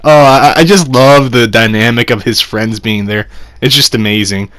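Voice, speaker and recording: A man's voice: medium pitch, normal speed, fairly bright tone, dry recording. A young man casually reviewing an anime episode, rambling with fillers and frequent laughs.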